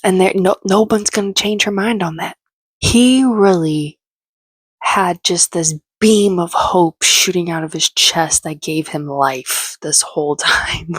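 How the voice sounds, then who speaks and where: A woman's voice: fairly low pitch, takes it slowly, slightly rough, no echo. A woman giving casual, sarcastic, opinionated commentary as she recaps a reality show.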